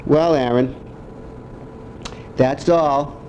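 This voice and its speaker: A man's voice: a little high, steady tone, very slow, a little mellow, highs cut off, a little hiss or hum. An older man, a grandfather, talking playfully to his grandchild and making animal noises.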